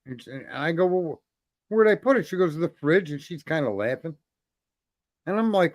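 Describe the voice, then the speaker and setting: A man's voice: fairly high pitch, very animated, normal speed, long pauses, dry recording, clean studio sound. A man hosting a casual talk show, telling crude rambling anecdotes full of swearing and laughter. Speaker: host. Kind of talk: crude casual podcast storytelling.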